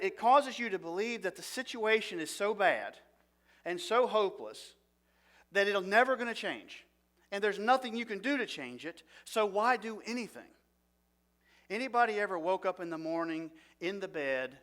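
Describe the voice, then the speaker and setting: Middle-aged male Bible teacher, earnest, questions the room, bright, slightly higher pitch. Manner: earnest, asks the audience questions, drops to a low soft voice for feelings.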